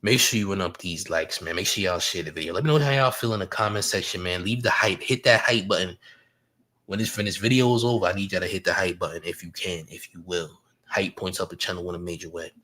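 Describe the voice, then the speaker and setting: Deep-voiced man trash-talking on a livestream. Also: quick pace, pushed and bright. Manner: repeats phrases, laughs between lines. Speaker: YouTube commentary host. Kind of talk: livestream commentary with chat.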